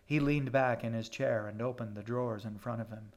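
Guy narrating a novel, calm even pacing, middle-pitched voice. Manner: steady, measured storytelling. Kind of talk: audiobook narration.

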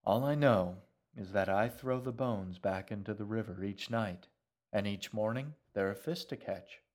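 A man voicing a gentle, wistful shaggy man in a storybook, speaking in calm, musing, unhurried sentences. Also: on the low side, close to an everyday voice.

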